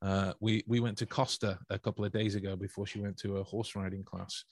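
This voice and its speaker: Male podcast co-host, mid-pitched, rambling and chatty, dry close mic. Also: little pitch movement, brisk, dry recording. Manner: chatty, rambling, with frequent restarts and laughs. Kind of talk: casual podcast chat.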